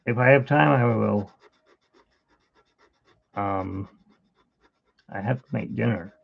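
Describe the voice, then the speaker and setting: A middle-aged man hosts a live drawing stream, talking slowly in a gravelly, fairly low voice. His chat is casual and rambling, full of stories, over tinny, phone-like audio.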